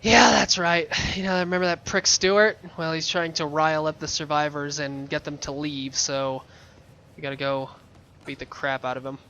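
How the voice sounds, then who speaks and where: Bright-voiced man chatting through gameplay. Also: a little high, fairly even intonation, moderate pace, muffled recording, a little hiss or hum. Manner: chatty, playful, rambling. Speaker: let's play gamer. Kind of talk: casual gameplay commentary.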